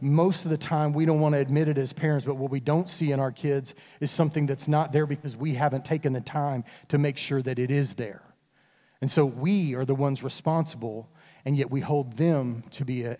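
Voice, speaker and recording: A man's voice: medium pitch, warm tone. A middle-aged man preaching a sermon, talking straight to the congregation in a conversational way. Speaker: pastor. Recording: long hall reverb.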